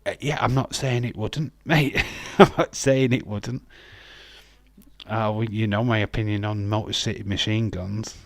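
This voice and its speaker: A man's voice: fairly low pitch, steady tone, unhurried, vocal fry, no echo. A young man from West Yorkshire with a Yorkshire accent, chatting casually and swearing freely as he hosts a live wrestling watch-along and talks to his chat by name. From West Yorkshire, England.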